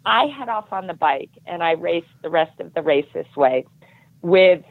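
A woman guest telling a self-deprecating story in casual talk, animated and acting out the voices of others. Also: lowish voice, moderate pace, no room sound. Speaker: podcast guest. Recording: muffled dull audio.

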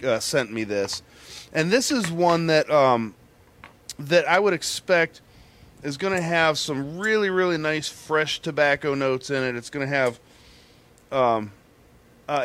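A man's voice: a little high, measured pace, fairly bright tone. A man talking casually as a guest, explaining pipe tobacco with many fillers and restarts. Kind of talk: casual chat.

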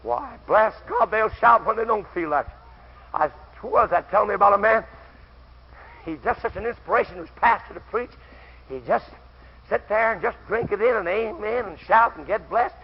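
Husky high-voiced old-time preacher, shouting. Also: male voice, normal speed. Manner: shouting, fervent, storytelling with quoted voices. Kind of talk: old-time camp meeting sermon. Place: camp meeting hall. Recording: dull lo-fi old tape recording.

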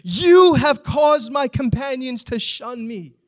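Pastor voicing an anguished psalmist man, high strained pleas, near-shouting at heaven. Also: expressive, slow pace, exaggerated voice. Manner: pleading, accusing, rising to near shouts. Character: desperate anguished psalmist man crying out to God.

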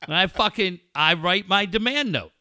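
A man's voice: sits high, lively intonation, normal speed, pushed and bright, no room sound, studio quality. A man co-hosting a casual talk show, swearing a lot and mock-ranting sarcastically. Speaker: podcast co-host. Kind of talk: crude comedic banter.

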